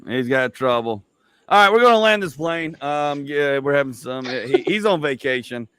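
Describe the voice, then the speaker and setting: A man's voice: medium pitch, expressive, moderate pace, a bit bright, clean tone, no echo. Rambling casual male podcast host. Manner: loose, rambling, joking, many fillers. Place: home.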